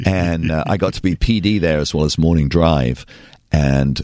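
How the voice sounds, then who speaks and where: An older man with an English accent, a radio DJ telling lively stories as a podcast guest. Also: extremely low pitch, normal speed. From England. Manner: animated anecdotal storyteller. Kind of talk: podcast interview storytelling. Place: studio.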